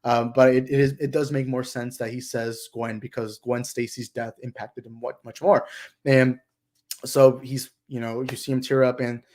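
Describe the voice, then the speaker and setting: A young adult man hosting a casual movie discussion livestream, excited and rambling, with lots of fillers. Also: medium pitch, normal speed. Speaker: channel host.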